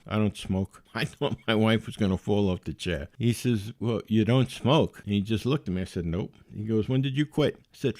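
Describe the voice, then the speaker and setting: A man's voice: lowish voice, dry recording, studio quality. A man in his forties telling his own story in a casual way. He is wry and mocks himself, and he laughs at his own mistakes.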